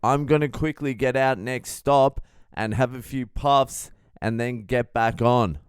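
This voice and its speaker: A man's voice: mid-range voice, unhurried, smooth, dry recording, clean studio sound, voice pushed up, close to an everyday voice. A man putting on the voice of an eager man on a train who talks at the top of his voice. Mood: loud, eager.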